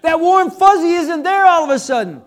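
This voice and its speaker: High-voiced man preaching a sermon. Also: lively intonation, normal speed. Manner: conversational, joking, rhetorical questions. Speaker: pastor.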